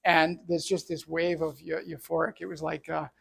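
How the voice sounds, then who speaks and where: Earnest storytelling man with a gravelly voice. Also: on the high side, flat delivery, normal speed. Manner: earnest, reflective. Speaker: entrepreneur telling his story. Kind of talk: personal storytelling talk.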